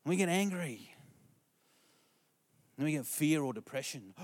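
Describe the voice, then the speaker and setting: A man's voice: on the high side, lively intonation, measured pace, long pauses. A middle-aged man preaching a storytelling sermon, conversational and asking the congregation questions.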